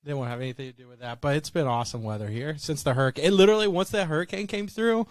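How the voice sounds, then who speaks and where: A man's voice: a little high, very fast, no echo. Male co-host, easygoing, chuckles a lot, dry close recording. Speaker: podcast co-host. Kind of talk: casual podcast chat. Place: in Florida.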